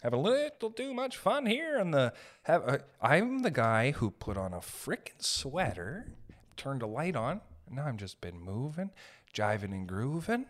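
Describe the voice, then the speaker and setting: A young man hosting a podcast, ranting in a rambling, profane, comic way and jumping into quick made-up voices. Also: mid-range voice, sing-song. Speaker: podcast host. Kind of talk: solo comedic rant.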